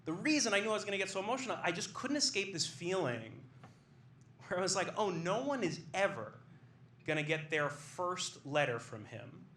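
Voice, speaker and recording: A young man tells a comic story live on a club stage, his voice high and swinging widely in pitch. His tone is bright and forward, and he rises into excited bursts. The room gives a noticeable echo, with faint noise underneath. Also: moderate pace. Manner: animated, rising to excited bursts. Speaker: stand-up storyteller. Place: comedy club stage with audience.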